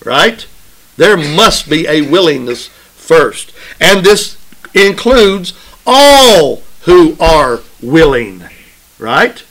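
A man delivering a sermon at a slow, deliberate pace, his voice sitting a little high. He drives points home by repeating phrases and keeps checking in with his listeners in a call-and-response manner. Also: big pitch swings, a bit bright, low-quality recording. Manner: call-and-response preaching, asks congregation "right?"; emphatic, repeats phrases for stress. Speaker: preacher.

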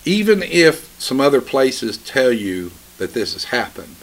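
A man preaching a sermon, reading scripture slowly and solemnly, then explaining it with emphatic swells in his voice. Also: medium pitch, sing-song.

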